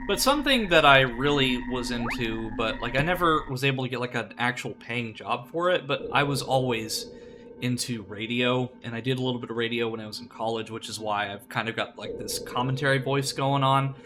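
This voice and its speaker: A man's voice: medium pitch, a little fast, background noise. A young man with a Midwestern accent, chatting casually while streaming a video game, filling his talk with lots of "like" and "uh". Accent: American Midwestern. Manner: rambling, many fillers like "like" and "uh". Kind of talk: casual live-stream chat. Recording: game music behind the voice.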